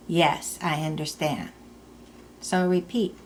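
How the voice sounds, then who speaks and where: Slow, careful woman teaching a language. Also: fairly low pitch, a little hiss or hum. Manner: slow, careful explanations with repeated example phrases. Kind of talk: recorded language lesson.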